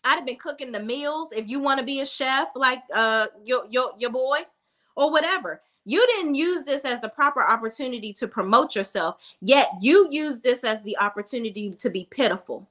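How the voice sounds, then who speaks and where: A woman's voice: sits high, animated, normal speed, fairly bright tone. A woman reviewing reality TV in a casual rant, blunt and profane, talking straight to her viewers.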